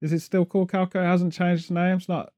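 A man's voice: high-pitched, level tone, fast, warm tone. A man hosting a podcast, rambling and joking sarcastically in casual chat. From Britain. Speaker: podcast host.

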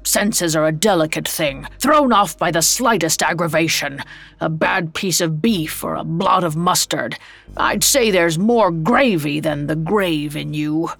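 A miserly old man, as a woman reader puts him on in a storybook tale, scoffing and easily flustered. The voice sits fairly low and moves slowly. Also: vocal fry, a bit bright, no echo, soft background music, heavily acted.

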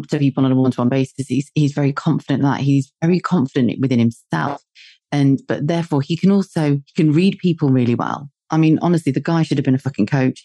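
A British woman talking in a loose, chatty way, sprinkling in swear words and quick laughs. Her voice is mellow and soft-edged. The sound is dry and close, with no room around it. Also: very deep voice, husky, no room sound. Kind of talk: casual chat.

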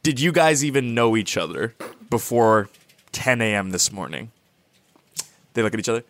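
A man's voice: fairly low pitch, lively intonation, moderate pace, fairly bright tone. A man co-hosting a comedy podcast, bantering and improvising scenes playfully. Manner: playful, sings in character. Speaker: podcast co-host.

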